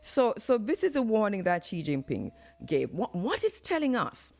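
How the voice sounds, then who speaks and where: A woman hosting live radio commentary, talking in an animated way and switching into patois for emphasis. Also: mid-range voice, moderate pace. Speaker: radio talk show host. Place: radio studio.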